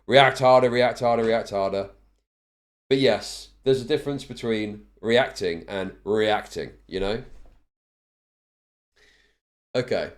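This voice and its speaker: Male streamer, mid pitch, very lively intonation, reads a ruling fast and then wanders into sarcastic commentary. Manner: reads quickly, then breaks off into sardonic, bored asides. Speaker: live streamer. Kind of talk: reading a court ruling aloud with commentary.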